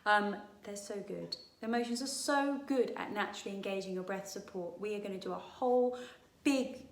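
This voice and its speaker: A woman teaching a singing lesson, coaching gently and breaking into sung demonstrations. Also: mid-range voice, fairly quick. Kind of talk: vocal warm-up lesson. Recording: roomy sound with piano.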